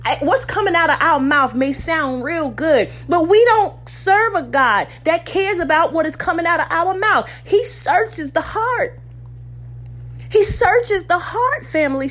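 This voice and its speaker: A woman's voice: very high voice, fairly bright tone. A woman preaching a sermon, fervent and personal, acting out biblical voices as she retells scripture.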